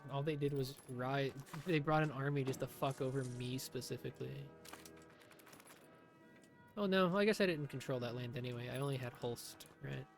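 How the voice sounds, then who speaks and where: A man's voice: mid-range voice, normal speed, creaky, soft background music. A man doing live commentary on his own strategy game, talking to himself in a sarcastic, swearing way. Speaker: streamer.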